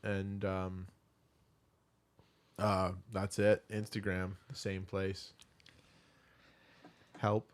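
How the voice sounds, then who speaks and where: A man's voice: low voice, monotone, extremely slow, long pauses, clean tone. A man co-hosting a pop culture podcast, rambling and self-mocking as he laughs through his talk. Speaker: podcast co-host. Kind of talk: casual podcast banter.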